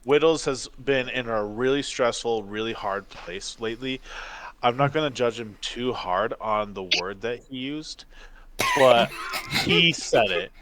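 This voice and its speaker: A man's voice: mid-range voice, measured pace, noisy background. A man playing a tabletop game, rambling with lots of fillers. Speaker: player. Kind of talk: casual tabletop play.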